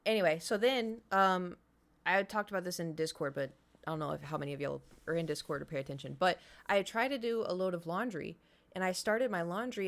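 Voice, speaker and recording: A woman's voice: fairly low pitch, fast talker. A woman, chatting casually to her live stream audience and telling stories full of sound effects and whispered asides, her voice a little strained. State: voice slightly strained.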